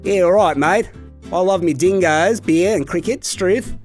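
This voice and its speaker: A man voicing a brash Australian bloke in a deliberately bad mock Australian accent, as an example in an online lesson. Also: sits high, darkish tone, faint music behind, pitched above the performer's own voice. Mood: boisterous. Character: brash Australian bloke, adult male, cliché.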